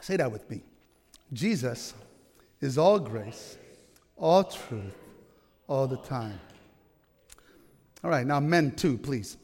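A man's voice: mid-range voice, expressive, takes it slowly, long pauses, darkish tone, big-room sound. A man preaching a sermon to his congregation, emphatic and often asking them questions. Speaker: pastor. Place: church.

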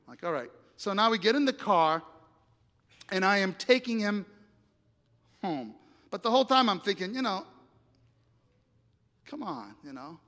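A man preaching, telling a personal story with lively acted-out dialogue and big swings between loud and hushed lines. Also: high-pitched, moderate pace, long pauses. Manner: animated storyteller acting out dialogue, dramatic volume swings. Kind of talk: sermon storytelling. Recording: reverberant hall.

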